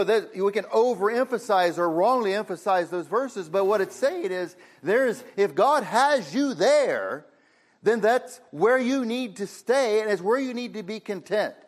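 High-pitched male preacher, casual conversational sermon, audience in the room. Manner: plain conversational preaching, frequent "you know" fillers.

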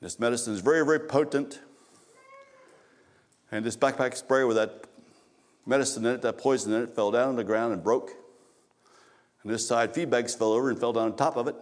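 Male pastor preaching a story-driven sermon in church, halting restarts, emphatic repetition. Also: medium pitch. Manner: storytelling, repeats phrases for emphasis, frequent restarts.

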